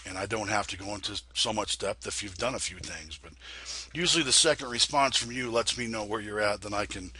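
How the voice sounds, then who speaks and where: A congested man talks through a computer tutorial in a loose, folksy ramble, often restarting his sentences. His voice is husky and bright, with a hoarse edge. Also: fairly low pitch, brisk. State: congested from a sinus infection. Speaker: flight sim video host. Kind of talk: casual tutorial talk.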